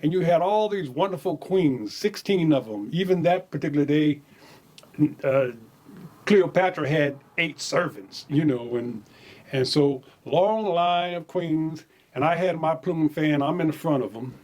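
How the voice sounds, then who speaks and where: A man casually telling stories from his own life, animated, chuckling and repeating words as he goes. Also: fairly high pitch, a little slow. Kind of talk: casual spoken memoir storytelling.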